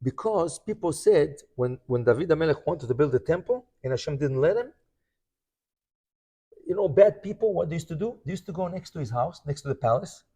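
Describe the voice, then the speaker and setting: Animated high-voiced man teaching Talmud. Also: husky. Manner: animated storytelling, acts out quoted voices, frequent "right?" checks. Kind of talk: Talmud class.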